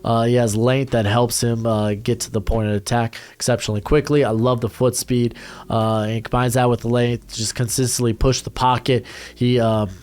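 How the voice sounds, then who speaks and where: A man's voice: medium pitch, flat delivery, normal speed, a little mellow, clean tone. Rambling man breaking down draft prospects. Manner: rambling, frequent fillers and restarts, blunt asides. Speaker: NFL draft analyst.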